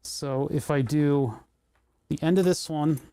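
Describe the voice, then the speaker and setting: A man talks his way through a soldering job on a livestream, rambling and tossing off little jokes as he works. His voice sits a touch high for a man but sounds dark and mellow. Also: measured pace, smooth. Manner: rambling, joking asides, thinking aloud. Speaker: livestream host building electronics. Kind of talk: casual livestream chat while soldering.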